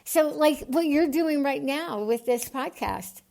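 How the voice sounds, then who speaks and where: A woman from the United States, a podcast guest, speaking with a lisp and an unusual voice altered by tongue surgery, earnest and animated. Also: sits high, unhurried, vocal fry. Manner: earnest, animated, gets excited. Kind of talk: podcast interview.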